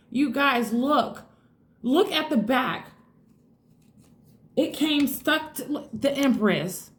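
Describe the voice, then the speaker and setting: A woman giving a casual tarot reading to her viewers, excitable and swearing freely, calling them y'all. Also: high-pitched, slow pace, pauses often. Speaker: tarot reader. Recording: echoey room.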